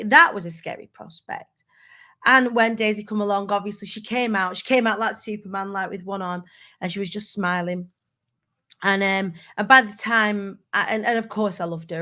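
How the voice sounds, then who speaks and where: A woman's voice: mid-range voice, fairly bright tone. A woman, telling a personal story to her viewers in a candid, self-mocking way and restarting her sentences often. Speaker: vlogger. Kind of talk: casual personal storytelling to camera.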